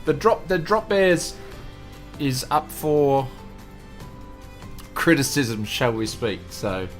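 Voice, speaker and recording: A man's voice: mid-range voice, sing-song, slow pace, faint music behind. A man hosting a casual livestream, chatting and greeting viewers one by one. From Australia. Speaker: livestream host.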